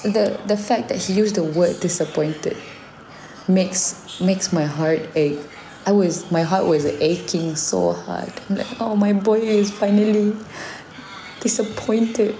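A Malaysian woman in her thirties chats casually in a low, warm, mellow voice. She tells lively stories and slips between English and Malay mid-sentence. A faint hiss sits behind her. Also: a little slow, creaky. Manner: animated storytelling, acting out her son's lines. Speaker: singer and mother. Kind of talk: casual chat.

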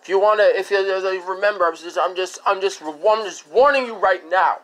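On her home-made radio show, a woman rants furiously, cursing and repeating herself as her anger keeps escalating. Her mid-range, fairly bright voice moves a little fast with few pauses.

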